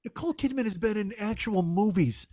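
Male podcast host, high-pitched, dry close-mic sound, profane exasperated comic ranter. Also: animated, brisk, mellow, no room sound. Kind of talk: casual comedic rant.

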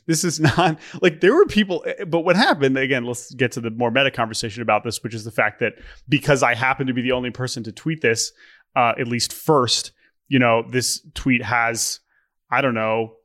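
Laughing, animated young man. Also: medium pitch, fairly quick. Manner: animated storytelling, laughs often. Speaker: podcast co-host. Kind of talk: casual chat.

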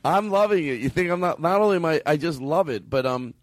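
Animated, rambling male comedy podcast host. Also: fairly high pitch, fast. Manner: rambling, animated, breaks into laughter. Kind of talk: casual comedy chat.

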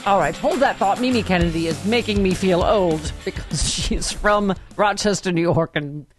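A woman's voice: on the low side, normal speed, over music. An older woman hosting a talk show, chatting casually and cracking jokes, swearing freely. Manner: brash, joking, swears freely. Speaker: radio show host. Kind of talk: casual interview chat.

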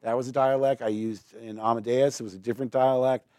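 On stage before a live audience, a male guest actor in a live conversation tells rambling, digressive stories and slips into mimicked accents. His mid-range voice is warm and quick, with fairly even intonation, recorded in studio quality with no echo.

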